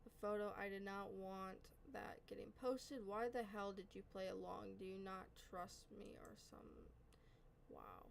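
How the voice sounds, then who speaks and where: A woman's voice: mid-range voice, fairly even intonation, unhurried, gravelly, a little hiss or hum, rough recording. Chatty, self-correcting woman reaction vlogger. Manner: chatty, rambling, often apologizing and correcting herself. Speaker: reaction channel host. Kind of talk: casual reaction commentary.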